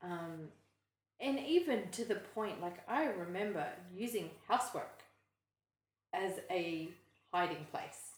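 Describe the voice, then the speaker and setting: An earnest woman co-host shares her own struggles in a relaxed faith podcast. She talks in loose, searching phrases that restart and trail off. The room rings around her. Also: fairly low pitch, takes it slowly, roomy sound, rough recording. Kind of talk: casual Christian podcast chat.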